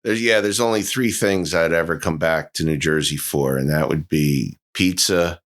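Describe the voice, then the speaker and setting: Very deep-voiced man, halting speech. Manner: halting, with many restarts and fillers. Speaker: guest. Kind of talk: casual chat.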